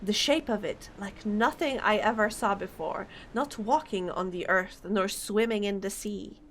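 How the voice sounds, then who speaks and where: A woman reading game dialogue aloud, voicing a gruff, superstitious old fisherman who boasts in a rustic dialect. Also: mid-range voice, unhurried, a little hiss or hum, close to an everyday voice. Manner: rustic dialect, dropping grammar.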